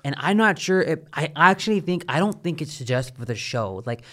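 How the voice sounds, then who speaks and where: A man's voice: on the high side, expressive, fairly bright tone. Blunt, swearing man in casual chat. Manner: blunt, swears, quick opinions. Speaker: podcast co-host.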